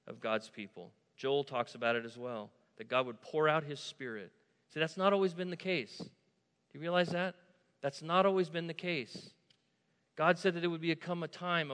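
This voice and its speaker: A man preaching a sermon, moving from soft asides to loud, emphatic declarations. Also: a little high. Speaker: pastor. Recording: long hall reverb.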